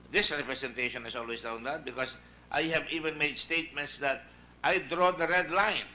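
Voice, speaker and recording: A man's voice: mid-range voice, pushed and bright, slight background noise, poor audio. A man with a Filipino accent chairing a senate hearing, questioning witnesses emphatically and wandering into asides. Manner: emphatic, digressive, reads out past exchanges.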